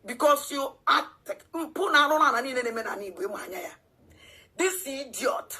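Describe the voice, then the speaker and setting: A woman with a Nigerian accent ranting in animated commentary, switching between languages. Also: sits high, moderate pace. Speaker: online commentator. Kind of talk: heated commentary rant.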